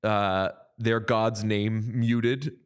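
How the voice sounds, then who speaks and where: A man's voice: on the low side, steady tone, clear, resonant tone. A man co-hosting a sports podcast, chatting casually in a wry, rambling way. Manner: wry, rambling, quick to joke. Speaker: podcast co-host.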